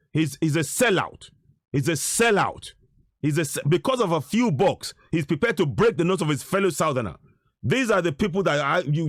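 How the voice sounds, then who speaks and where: A man's voice: fairly high pitch, dry recording, clean studio sound. A middle-aged man giving indignant commentary over video footage, insisting and repeating himself. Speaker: activist commentator.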